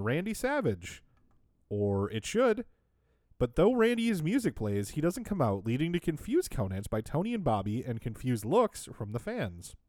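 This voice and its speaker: A man's voice: mid-range voice, darkish tone, dry recording, studio quality. A man co-hosting a podcast, recapping in casual chat with a sarcastic, wry tone and frequent laughs. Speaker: podcast co-host.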